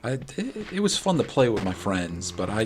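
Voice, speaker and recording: A man's voice: on the low side, huge pitch swings, moderate pace, background noise. A man from New York with a New York accent, chatting casually and rambling with his stream viewers late at night. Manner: rambling, friendly, many restarts. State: late-night, a little wired. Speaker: game streamer.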